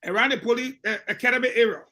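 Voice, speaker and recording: A man's voice: extremely high pitch, very fast, sharp tone. A man with a Liberian English accent giving emphatic commentary on a call-in radio show, repeating his points for weight.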